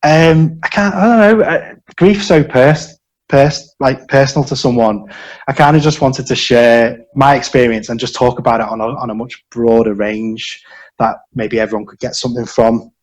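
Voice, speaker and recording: A man's voice: medium pitch, fairly even intonation, normal speed, rough recording. A man in his forties from Britain, a podcast guest chatting casually, hesitant with many fillers and restarts. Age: 40s. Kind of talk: casual interview chat.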